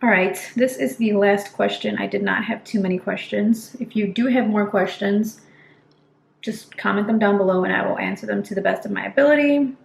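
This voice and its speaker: A woman's voice: mid-range voice, moderate pace, gravelly. A young woman, a nurse, talking earnestly and casually to camera in a vlog, with fillers and restarts. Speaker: nurse vlogger. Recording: echoey room, faint background noise.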